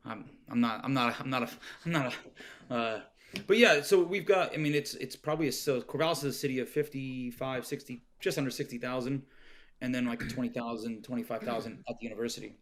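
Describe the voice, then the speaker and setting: A man's voice: medium pitch, fairly quick, fairly bright tone. A middle-aged man chatting casually as a podcast guest, rambling with frequent restarts and fillers. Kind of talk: casual interview chat. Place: Oregon home.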